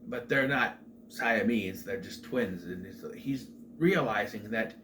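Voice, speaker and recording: A man's voice: lowish voice, a little slow, pushed and bright. A middle-aged man casually recapping a film as a show host, rambling with chatty asides and restarts. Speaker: movie review host. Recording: faint background noise.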